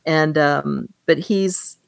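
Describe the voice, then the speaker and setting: A woman co-hosts a casual book podcast, chatting easily and reading passages aloud. Her voice is notably low, and the sound is dry and close with no room echo. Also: very slow, vocal fry. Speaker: podcast co-host.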